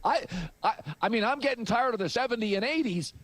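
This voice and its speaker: A man giving sports commentary in a played clip, arguing his point in a measured way with analogies. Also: extremely high pitch, expressive, a bit bright, no echo. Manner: measured, argumentative, uses analogies. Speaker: sports analyst.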